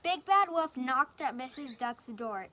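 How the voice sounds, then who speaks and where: A woman's voice: high voice, animated, measured pace, bright, forceful tone, a little hiss or hum. A woman reading a picture book aloud, taking turns with a partner and chatting about the pictures. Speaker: storybook reader.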